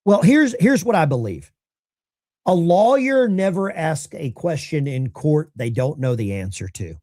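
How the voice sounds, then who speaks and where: Lively, talkative middle-aged male host. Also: fairly high pitch, a little slow, dry recording, clean studio sound. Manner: animated, chatty, rambling. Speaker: call-in show host. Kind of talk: casual livestream talk.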